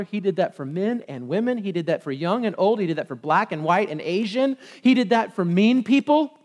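A man preaches to his congregation with a high-pitched voice. He keeps throwing questions out and waiting for them to answer back. His voice rings through the long reverb of a church hall. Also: expressive, brisk, hardly any pauses. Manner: call-and-response preaching, quizzing the congregation. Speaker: pastor. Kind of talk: sermon. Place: church sanctuary.

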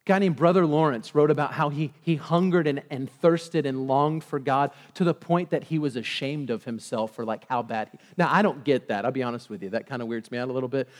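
A man preaching a casual, animated sermon to his church, acting out quotes as he goes. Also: fairly high pitch, big-room sound. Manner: conversational, animated, acts out quotes. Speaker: pastor.

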